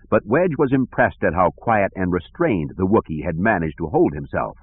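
A man narrating an audiobook in a steady, even storytelling manner. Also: low-pitched, normal speed, hardly any pauses, slightly rough. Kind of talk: scripted narration. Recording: tinny phone-like lo-fi audio.

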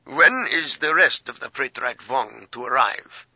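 A man voicing a wary, commanding alien male agent in an audiobook reading, speaking slowly and in warning. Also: medium pitch, expressive, sharp tone, slightly rough, no echo, heavily acted. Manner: slow, warning. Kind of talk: audiobook character voice.

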